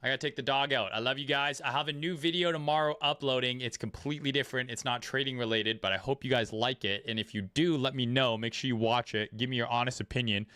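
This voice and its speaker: A man's voice: medium pitch, fairly even intonation, quick pace, few pauses, bright, forceful tone, clear, resonant tone, dry recording. A man giving casual, profane, laid-back commentary on trading charts during a livestream, with many fillers. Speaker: trading streamer.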